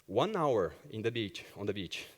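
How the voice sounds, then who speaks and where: A man's voice: on the low side, normal speed, big-room sound. A man who works as an agile coach gives a conference talk, telling personal stories and acting out the dialogue. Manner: animated storyteller who acts out dialogue. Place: conference hall stage.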